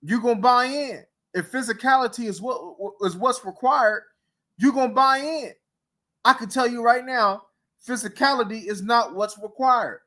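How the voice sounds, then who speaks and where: A man's voice: very high voice, moderate pace, bright, forceful tone. A man hosting a casual sports talk show, ranting in a heated, mocking way with rhetorical questions. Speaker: podcast host.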